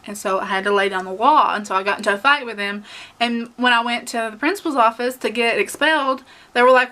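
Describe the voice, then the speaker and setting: A woman's voice: on the high side, quick pace, bright, forceful tone. A young woman with a Southern US accent chatting casually to camera, rambling with lots of fillers and laughs. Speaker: beauty vlogger.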